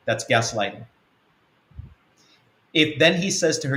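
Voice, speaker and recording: A man's voice: medium pitch, lively intonation, a little slow, long pauses, pushed and bright, reverberant. A man, an apostle of a web church, teaching earnestly through a numbered list of points, often restarting his sentences. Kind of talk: teaching talk answering a question.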